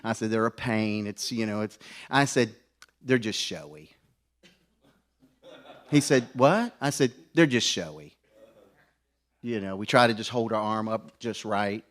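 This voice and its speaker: A man's voice: fairly low pitch, unhurried, long pauses, fairly bright tone. A middle-aged man preaching a conference sermon, folksy and joking, with stumbling restarts. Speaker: pastor.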